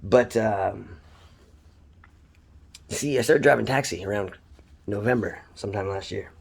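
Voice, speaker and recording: A man's voice: fairly low pitch, measured pace, creaky, slightly rough. A man from Canada, a taxi driver, delivering an angry, profane, heated monologue. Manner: swears constantly, ranting, heated. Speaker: taxi driver ranting online.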